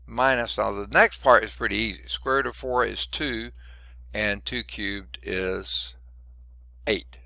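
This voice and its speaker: Slow, gravelly man teaching math. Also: fairly low pitch, steady tone, bright, forceful tone, no echo. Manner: thinks aloud step by step, muttered asides. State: losing his voice. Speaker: math instructor. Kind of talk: recorded lecture working through problems.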